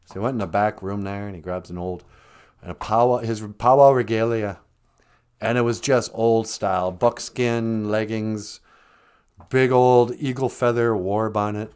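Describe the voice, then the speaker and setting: A man's voice: fairly low pitch, fairly even intonation, measured pace, darkish tone, smooth. A man from Minnesota, telling a loose, joking, rambling story on a live stream.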